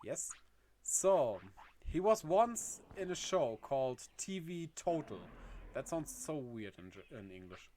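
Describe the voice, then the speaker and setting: A man's voice: a little high, big pitch swings, slow, warm tone. A man chatting casually on a game livestream, laughing often and reading chat aloud. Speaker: game streamer.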